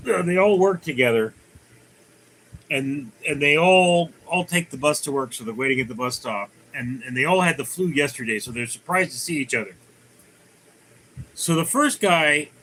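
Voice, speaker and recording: Bright-voiced man chatting on a livestream. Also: a little high, rough recording. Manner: rambling, many fillers and restarts, tells jokes. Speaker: livestream host. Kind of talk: casual chat reading viewer comments.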